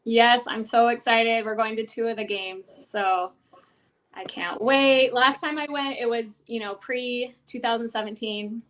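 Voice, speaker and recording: Woman on a sports podcast, kinda high voice, eager and giggly, talking casually. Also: fairly even intonation, a little slow, a bit bright. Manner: eager, laughs often. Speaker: podcast guest.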